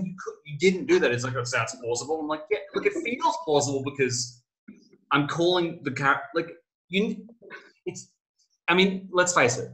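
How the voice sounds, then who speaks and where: A middle-aged man, an author talking as a guest in a casual interview, telling stories and acting out quotes with sudden jumps in pitch. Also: poor audio. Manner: animated storyteller, acts out quoted lines with big pitch jumps.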